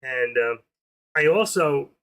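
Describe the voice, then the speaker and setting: A man's voice: mid-range voice, lively intonation, slow, a bit bright, clear, resonant tone. An older man hosting a trading livestream, chatting in a casual, rambling, jokey way.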